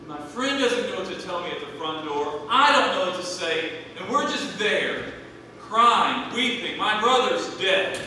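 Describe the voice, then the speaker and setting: A man in his thirties preaching a sermon, swinging between hushed and loud, emphatic delivery. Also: high voice, animated, measured pace, slight background noise. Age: 30s. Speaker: pastor. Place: church sanctuary. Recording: echoey church hall from a distant mic.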